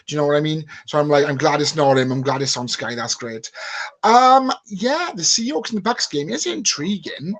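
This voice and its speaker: A man's voice: on the high side, fairly bright tone. A British man co-hosting a podcast, chatting in a jokey, confident way. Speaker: podcast co-host. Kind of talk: casual chat.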